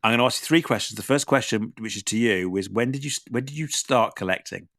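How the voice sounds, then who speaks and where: A man's voice: medium pitch, quick pace, vocal fry, fairly bright tone, no echo, clean studio sound. A man hosting a podcast in casual chat, rambling and self-deprecating. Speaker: podcast host.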